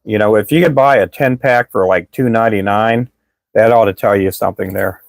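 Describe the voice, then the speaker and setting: A man's voice, low-ish with vocal fry and a little fast, comes through a dry recording as he hosts a casual live stream selling fishing lures. He rambles with viewers, keeps restarting sentences, and says his voice is giving out.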